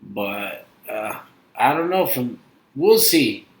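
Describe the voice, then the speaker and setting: A man's voice: mid-range voice, very animated, takes it slowly, a little hiss or hum. A man with a Brooklyn accent co-hosting a casual podcast, rambling and hesitant, trailing off often. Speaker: podcast co-host. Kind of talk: casual chat. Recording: echoey room.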